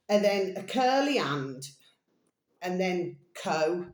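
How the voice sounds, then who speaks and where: A woman with an English accent talks in a loose, wandering monologue, circling back on herself and addressing her listeners fondly. Her voice sits fairly low, and the sound carries the echo of a bare home room. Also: very animated, takes it slowly, darkish tone. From England. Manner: chatty, meandering, calls listeners "my delicious babies". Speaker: channel host. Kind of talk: rambling casual monologue. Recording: roomy echoey home room.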